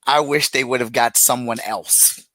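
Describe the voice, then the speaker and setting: A man talks bluntly and jokingly as a podcast co-host, and his voice jumps up when he gets worked up. His voice is bright and forceful. The sound is dry and close. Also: mid-range voice, measured pace, no echo, poor audio. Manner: animated, blunt, jokey. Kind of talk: casual chat.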